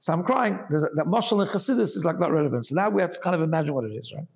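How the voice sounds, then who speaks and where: A man with a somewhat high voice teaches a Chassidic Torah class. He explains step by step, tosses in "right?" to check on his listeners, and mixes Hebrew terms into his talk. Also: lively intonation, rapid-fire, gravelly. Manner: explanatory, asks rhetorical "right?" often, mixes Hebrew phrases.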